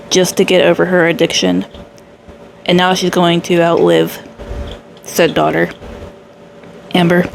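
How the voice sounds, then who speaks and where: A woman's voice: fairly low pitch, gravelly. Woman reaction commentator, dry scornful sarcasm, faint room noise. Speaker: reaction channel host. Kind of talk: commentary over a reaction video.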